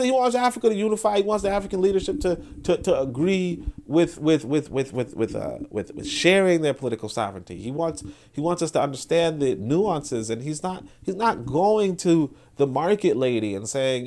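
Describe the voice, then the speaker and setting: Animated man in loose spoken commentary. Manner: animated, swinging from low muttering to loud emphatic bursts; frequent restarts and repeated words. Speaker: host. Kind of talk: livestream commentary while reading from a shared screen.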